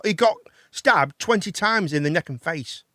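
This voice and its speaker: A man's voice: high voice, lively intonation, moderate pace, pushed and bright, dry recording, studio quality. A man hosting a casual chat show, rambling and swearing between laughs. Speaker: host.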